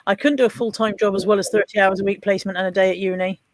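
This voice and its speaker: A woman's voice: mid-range voice, steady tone, very fast, background noise. A woman with a Bristolian accent chatting casually on a live stream, laughing often and reading out viewer comments. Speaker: co-host.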